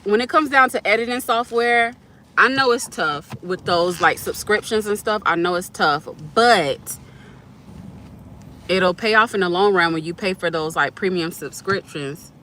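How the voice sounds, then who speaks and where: A woman's voice: medium pitch, a little slow, pushed and bright, a little hiss or hum. A woman live-streaming from her parked car, chatting casually and answering viewers' comments. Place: parked car at a curbside pickup.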